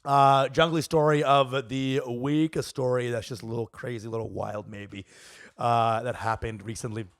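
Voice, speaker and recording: Un uomo, co-conduttore di un podcast comico, che chiacchiera in modo rilassato e volgare e ogni tanto imita altre voci. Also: male voice, mid-range voice, fairly even intonation. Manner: loose, crude and joking, slips into quick impressions. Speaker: podcast co-host, comedian. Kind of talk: casual comedic banter. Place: podcast studio in New York.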